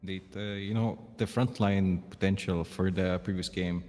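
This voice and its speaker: A lower-pitched male esports caster doing live commentary, animated and quick to exclaim. His voice carries a long reverb tail.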